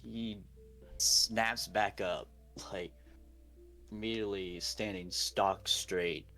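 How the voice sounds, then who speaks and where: Low-voiced man playing a tabletop game. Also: steady tone, slow pace, sharp tone, faint music behind, rough recording. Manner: casual, talks through his character's feelings with frequent "like". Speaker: player. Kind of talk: describing his character's actions in a tabletop game.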